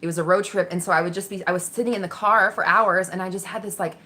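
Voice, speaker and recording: Woman, candid storyteller, bright forceful tone, lower pitch, animated. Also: quick pace. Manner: candid, animated, swears freely, acts out voices. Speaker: vlogger. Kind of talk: casual storytelling.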